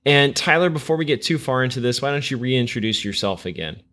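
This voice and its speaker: A man in a middle pitch hosts an American podcast. He steers the talk in a relaxed, conversational way and keeps the discussion moving. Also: fast. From United States. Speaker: podcast host. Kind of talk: casual podcast hosting.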